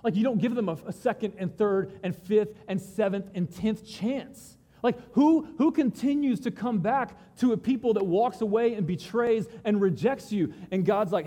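A man's voice: high-pitched, moderate pace, hardly any pauses. Casual, fiery man preaching a sermon. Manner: retells scripture in casual voices, drops to quiet intensity. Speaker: pastor. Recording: long reverb of a large hall.

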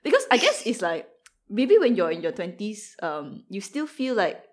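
A woman in her late twenties chatting casually on a panel, animated and quick to laugh as she talks. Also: medium pitch. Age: late 20s. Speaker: panel guest. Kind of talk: casual chat.

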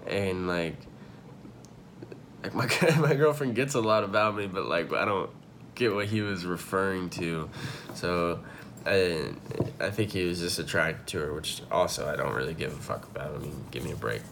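Low-voiced young man telling a rambling story. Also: normal speed, creaky, fairly bright tone, a little hiss or hum. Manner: rambling, profane, filler-heavy with many likes. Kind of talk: casual storytelling. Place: home room.

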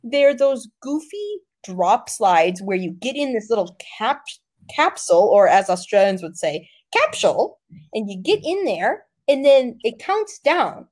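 A young woman hosting a podcast, telling a travel story in an animated, laughing way. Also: a little high, unhurried. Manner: animated, laughing, dramatic retelling. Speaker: podcast host. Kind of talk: casual storytelling chat.

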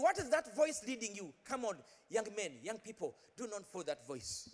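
A man's voice: sits high, big pitch swings, normal speed. A man preaching a live sermon, exhorting the congregation, repeating phrases and leading them in call-and-response chants. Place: large church hall. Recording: long reverb of a large hall.

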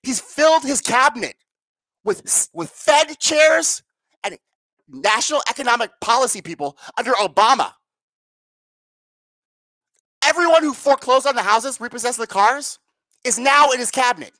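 A woman's voice: a little high, lively intonation, normal speed, a bit bright, no room sound. A woman ranting to her viewers as a political commentator, sarcastic, profane and exasperated. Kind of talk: angry political rant to viewers.

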